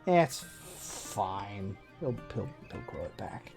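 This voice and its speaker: Mellow-voiced man streaming a game. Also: lowish voice, big pitch swings, slow, vocal fry. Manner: sarcastic, self-mocking running commentary. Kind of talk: casual live-stream commentary. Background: faint game music.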